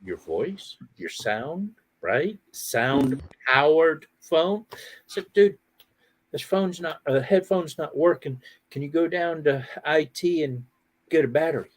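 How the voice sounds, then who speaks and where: A middle-aged man hosting a casual outdoor chat, telling animated stories and laughing often. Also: a little high. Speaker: host.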